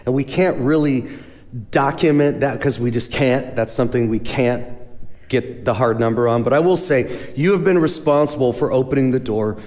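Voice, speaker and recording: A man speaking as a charity's guest speaker, telling stories in a lively sermon style and acting out the voices of the people he quotes. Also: medium pitch, normal speed. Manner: animated storyteller, acts out quoted voices. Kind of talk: storytelling sermon talk. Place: church sanctuary. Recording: long hall reverb.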